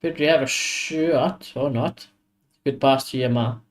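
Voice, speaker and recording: A man's voice: medium pitch, a little slow. A man hosting a live football watchalong stream, giving blunt, opinionated reactions and swearing often.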